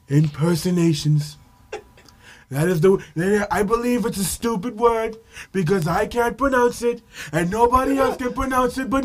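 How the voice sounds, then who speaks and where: Man doing a bragging politician impression. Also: high-pitched. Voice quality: bragging, rambling. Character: self-praising male politician, bragging.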